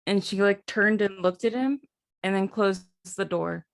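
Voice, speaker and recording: A woman's voice: mid-range voice, unhurried, gravelly. A woman podcast host chatting casually and laughing as she tells a creepy family story. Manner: chatty, laughs while telling stories. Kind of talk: casual chat.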